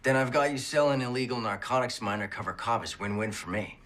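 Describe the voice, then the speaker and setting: An actor playing a dry, sarcastic police detective leaning on an informant. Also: male voice, mid-range voice, fast talker, a bit bright, slight background noise, lightly acted. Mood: sardonic.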